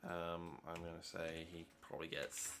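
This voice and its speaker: A man narrating as game master of a tabletop game, relaxed and hesitant, with many pauses and ums. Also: low-pitched, very noisy.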